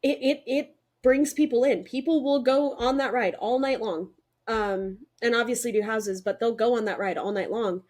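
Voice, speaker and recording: A woman's voice: on the high side, normal speed. Chatty young woman podcast co-host. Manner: excited, chatty, many fillers. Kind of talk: casual chat.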